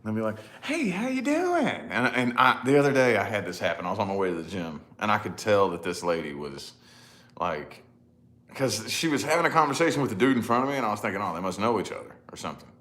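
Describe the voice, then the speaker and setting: A man's voice: lowish voice, animated, fast, fairly bright tone. A man in his thirties chatting casually to camera, rambling and laughing at himself, with lots of "you know?". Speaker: vlogger, father.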